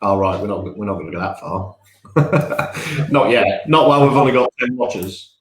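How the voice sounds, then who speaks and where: A man's voice: lowish voice, lively intonation, moderate pace, echoey room. A man co-hosting a casual live-stream podcast from home, chatty and rambling, often laughing at himself. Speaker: podcast co-host.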